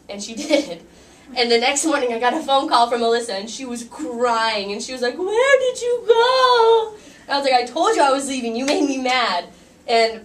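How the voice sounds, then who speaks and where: A woman's voice: fairly high pitch, fairly bright tone. A young woman giving a wedding toast, telling stories in a chatty, giggly way full of likes and restarts. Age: young adult. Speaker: maid of honor giving a wedding speech. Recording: distant mic with faint room noise.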